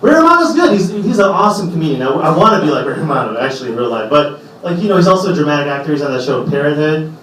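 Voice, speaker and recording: A man works through a stand-up set, chatty and loose and now and then jumping into a character's voice. His voice sits a little high. It comes from a mic set back from him, through heavy room echo, with a faint club murmur behind. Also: very animated, a bit bright, slight background noise. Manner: conversational, acts out characters in quick bursts. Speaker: stand-up comedian. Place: small comedy club stage. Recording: roomy echo from a distant mic.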